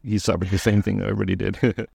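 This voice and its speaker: Halting man talking about his film. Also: on the low side, level tone, creaky, warm tone, husky, no room sound, studio quality. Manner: halting, many restarts and fillers. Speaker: documentary director. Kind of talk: casual interview answers.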